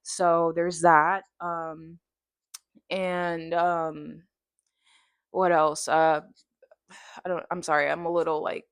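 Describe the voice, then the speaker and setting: A young woman in her twenties, a vlogger chatting casually and tiredly to camera, rambling quickly through tangents with many fillers. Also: deep voice, flat delivery, clean tone, no room sound.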